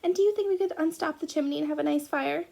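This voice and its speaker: A woman doing a polite little mouse, chirpy and high. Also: quick pace, creaky, a little mellow. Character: polite small male mouse, cheerful and persistent. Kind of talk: storybook read-aloud.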